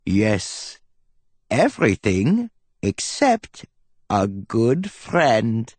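A man's voice: high-pitched, wildly swooping pitch, slow, breathy edge, no room sound, pitched above the performer's own voice, heavily acted. A man voicing a kindly old male mouse professor and inventor, speaking earnestly in an audiobook. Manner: warm, grinning, earnest. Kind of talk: audiobook character voice.

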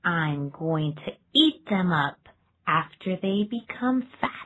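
Man putting on a shrill greedy old hag. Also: expressive, slow, a bit bright, dull audio, heavily acted. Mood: scheming. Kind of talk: storybook reading.

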